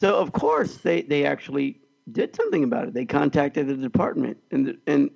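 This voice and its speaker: A man's voice: on the high side, animated, normal speed, creaky, a little mellow, dull audio. A middle-aged man hosting a casual chat, talkative, often checking in with "right?". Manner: chatty, keeps asking "right?". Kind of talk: casual conversation.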